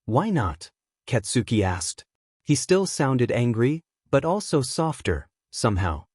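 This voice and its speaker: A man's voice: mid-range voice, big pitch swings, measured pace, a little mellow, no room sound. Man narrating fan fiction, dry recording.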